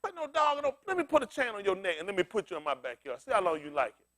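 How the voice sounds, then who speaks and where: Male pastor, AAVE, very high voice, lively swooping delivery, loud street-preaching style. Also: racing. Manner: loud, animated street preaching, laughing asides. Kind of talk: loose preaching to a congregation.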